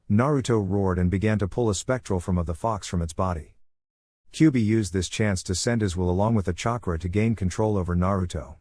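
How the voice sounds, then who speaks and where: A man narrating a fan-written story in a plain, steady reading voice. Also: deep voice, a little fast, no echo, clean studio sound.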